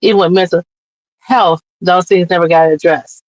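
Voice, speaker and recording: This woman's voice is lowish, with fairly even intonation and a moderate pace, recorded roughly on a remote streaming mic with no room sound. As a guest on a streamed interview show, she advocates earnestly and passionately, tearful at moments.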